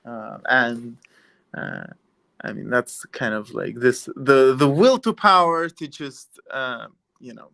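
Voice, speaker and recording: A man's voice: mid-range voice, slow, vocal fry, bright, forceful tone. A man from Italy hosting a podcast, rambling in a loose, conversational way. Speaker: podcast host. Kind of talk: casual podcast chat.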